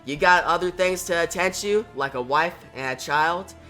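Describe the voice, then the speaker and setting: A man's voice: on the high side, moderate pace, pushed and bright, soft background music. A man voicing a quippy young male speedster hero in a comic story, reading his lines upbeat and close to his own voice.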